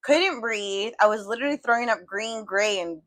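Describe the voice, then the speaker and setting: Woman, podcast co-host, casual chat, blunt, profane, mid pitch. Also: moderate pace, a bit bright.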